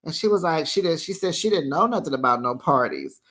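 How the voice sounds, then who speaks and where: A host recapping a reality show in a casual, chatty way, with playful shade and lively asides. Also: medium pitch, fairly quick. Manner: animated, chatty, playfully shady.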